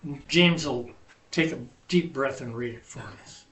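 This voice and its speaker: Patient, slow-spoken man teaching Hebrew. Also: medium pitch, roomy sound, crowd noise. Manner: patient, corrects and explains grammar step by step. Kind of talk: classroom language lesson.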